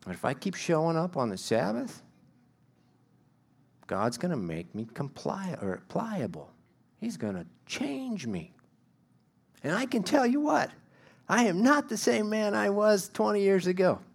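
A man's voice: high-pitched, sing-song, measured pace, gravelly, pauses often, husky. A middle-aged man preaching a sermon in a conversational, self-deprecating way, building to emphatic bursts.

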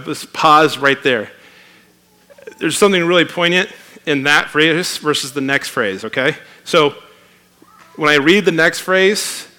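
Preacher guy, bright voice, chatty but emphatic sermon, reads verses out. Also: on the high side. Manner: conversational, emphatic, reads scripture aloud.

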